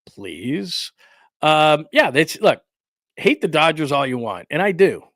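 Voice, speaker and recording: A man hosting a solo sports talk livestream, ranting with quick asides and laughs and greeting people in the live chat. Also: fairly high pitch, sing-song, a bit bright, no echo, clean studio sound. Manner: reads and answers live chat.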